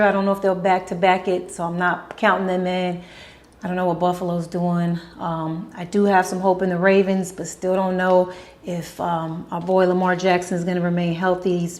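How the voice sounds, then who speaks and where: Female vlog host in a casual Q&A, blunt, opinionated and profane. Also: mid-range voice. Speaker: host answering viewer questions.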